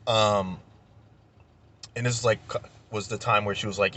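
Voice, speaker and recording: A man's voice: on the low side, brisk, pauses often, fairly bright tone, slight background noise. A young man telling a story in a casual vlog rant, heated and profane, repeating himself when he gets worked up. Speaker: vlogger.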